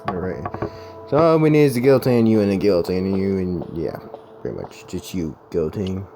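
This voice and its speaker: Man gaming on stream, casual self-deprecating commentary, very animated inflection. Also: low-pitched, fairly quick, background noise. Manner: muttering, self-deprecating, talks to himself. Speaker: let's play gamer. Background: game music.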